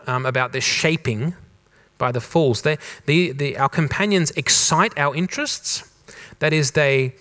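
At a church in Germany, an Australian pastor gives a conversational sermon, his mild accent softened toward neutral English. He repeats rhetorical questions and restarts phrases, speaking in a medium-pitched male voice.

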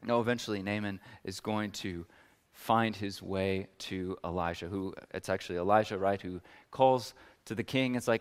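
A man preaching a sermon in a relaxed, conversational way, acting out the words of biblical figures as he goes. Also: on the low side, normal speed, clear, resonant tone. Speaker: pastor.

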